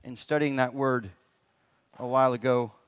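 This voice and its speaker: A man giving a Sunday sermon in a church, speaking in a folksy, conversational way. He leans into key phrases with rising emphasis as he works through the scripture text. His voice sits at an ordinary middle pitch. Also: fairly even intonation, normal speed, clean tone, no echo. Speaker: pastor. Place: church sanctuary.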